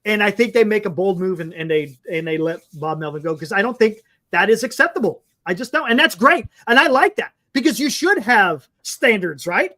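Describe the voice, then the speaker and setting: Brief: high-pitched male sports talk co-host, chatty, repeats himself, reads viewer comments. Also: expressive, a little fast, hardly any pauses, pushed and bright. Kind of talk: casual sports talk with live chat.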